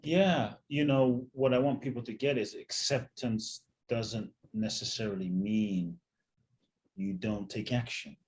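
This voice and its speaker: A man who is an author and a guest on a podcast, talking calmly and with emphasis, repeating phrases to drive his point home. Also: mid-range voice, measured pace. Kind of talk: conversational interview.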